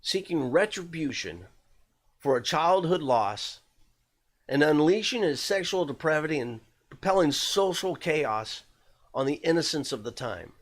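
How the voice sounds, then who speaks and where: A man with a slightly higher voice hosts a podcast and tells a true-crime story. His delivery is loose and conversational. He uses plenty of fillers and the occasional blunt curse word. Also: big pitch swings, a little slow.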